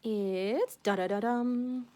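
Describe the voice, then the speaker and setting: A woman's voice: fairly high pitch, fairly even intonation, slow pace, warm tone. A young woman unboxing seashells on her vlog, gushing and giddy, gasping with delight. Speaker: shell collector unboxing a gift.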